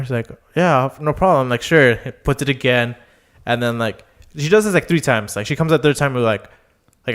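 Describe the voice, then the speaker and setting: Smooth-voiced young man telling stories. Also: mid-range voice, a little fast, few pauses, fairly bright tone. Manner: rambling anecdotes full of fillers and acted-out quotes. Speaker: podcast co-host. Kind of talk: casual storytelling chat.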